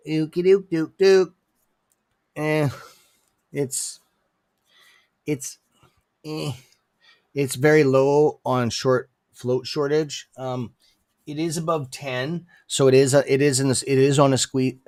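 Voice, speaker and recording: A stock trading streamer with a non-native English accent hosts a casual market livestream, chatty and loose, tagging lines with "okay?" and breaking into sudden outbursts. His mid-range voice is steady and darkish, taking it slowly with long pauses, in a dry, clean studio recording.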